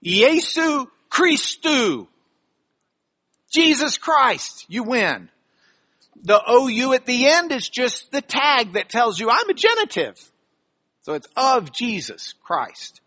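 A man teaching scripture for a radio broadcast, dramatic with sudden loud emphasis and chatty asides asking if listeners follow. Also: very high voice, wildly swooping pitch, unhurried, dry recording. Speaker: Bible teacher.

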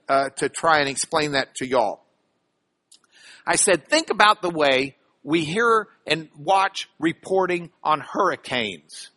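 A man teaching a Bible class in an animated, emphatic lecture, often restarting his phrases. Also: high voice.

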